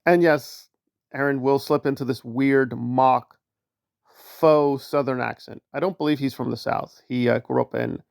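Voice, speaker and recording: A man's voice: medium pitch, steady tone, a little slow, vocal fry, dry recording, studio quality. A man from the northeastern United States giving casual commentary in a wry, sarcastic way.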